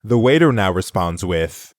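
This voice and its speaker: A man with a somewhat low voice explains phrases step by step. His delivery is scripted, clear and encouraging. The sound is dry and close. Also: lively intonation, unhurried, no echo. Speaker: co-host of audio lessons. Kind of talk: scripted lesson narration.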